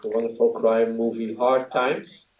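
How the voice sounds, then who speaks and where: A man presenting an award at a ceremony, speaking haltingly with many filler pauses; recorded in an event venue from a distance. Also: mid-range voice, little pitch movement, heavy background noise. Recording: roomy, distant, dull sound.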